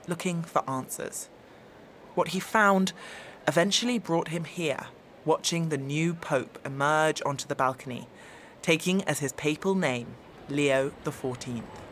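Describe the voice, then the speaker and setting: A woman presenting and narrating a radio documentary in a measured, clear reporting voice. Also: deep voice, fairly bright tone, a little hiss or hum. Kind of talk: scripted narration.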